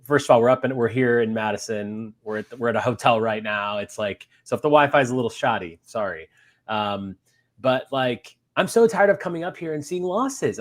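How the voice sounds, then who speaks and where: A man co-hosting a sports podcast from a hotel room, talking in an emotional, excitable way with lots of fillers. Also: medium pitch. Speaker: podcast co-host.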